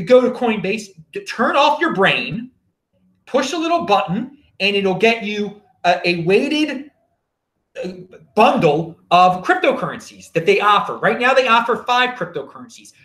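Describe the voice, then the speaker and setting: Animated, sarcastic male vlogger in an echoey room. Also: high voice. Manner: emphatic and sarcastic, with frequent restarts. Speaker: crypto video host. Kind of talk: casual opinionated monologue.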